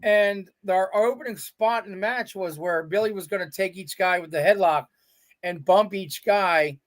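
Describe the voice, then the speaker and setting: High-voiced man telling lively stories. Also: normal speed. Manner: animated storyteller, quotes people in their own voices. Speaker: guest, veteran indie pro wrestler. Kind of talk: casual storytelling interview.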